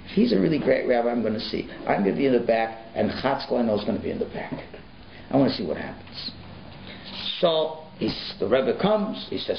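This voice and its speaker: A rabbi telling a story in a sermon, animated and folksy, sprinkling in Yiddish words, in an echoey, muffled recording. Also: male voice, mid-range voice, fairly quick, vocal fry, slight background noise.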